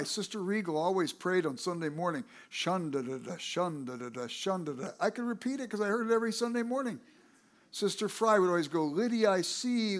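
High-voiced man preaching a story. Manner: animated, acts out quoted people with a raised voice; conversational, self-correcting asides. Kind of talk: sermon with personal storytelling.

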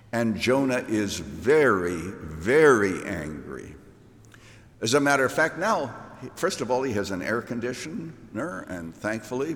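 A male preacher delivering a storytelling sermon, dragging key words out slowly for weight. His pitch rises and falls with animation while his overall pace stays unhurried. A long hall reverb follows each phrase. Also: a bit bright.

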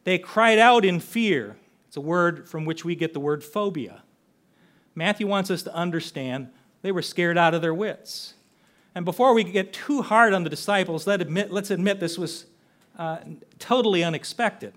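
A man's voice: high voice, moderate pace, fairly bright tone. Earnest older man preaching a sermon. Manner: earnest, conversational preaching with rhetorical questions. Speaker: pastor.

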